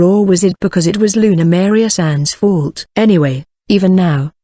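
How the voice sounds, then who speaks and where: A text-to-speech voice narrating a light novel in first person, flatly reading punctuation marks aloud. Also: mid-range voice, dry recording, studio quality. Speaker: audiobook narrator.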